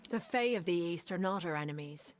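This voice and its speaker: A grave fae woman from a video game, voiced by an actress, who speaks in formal, measured tones. Her voice sits a little low and never hurries. She sounds ancient and sure of her lore. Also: animated, a little hiss or hum, lightly acted. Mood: solemn. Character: solemn immortal fae woman, storyteller. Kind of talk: game voice acting.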